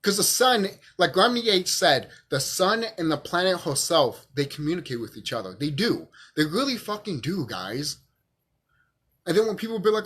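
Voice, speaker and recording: A man's voice: high voice, big pitch swings, moderate pace, sharp tone, slightly rough. A drunk man, stuttering a little, delivering a profane, emphatic monologue to camera as a vlogger and repeating himself for force.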